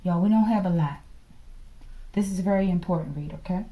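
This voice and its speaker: A woman gives a casual tarot reading with a mellow, fairly low voice. She speaks emphatically, leaning on her points and checking in with the audience again and again. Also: brisk. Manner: emphatic, keeps checking in with listeners. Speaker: tarot reader.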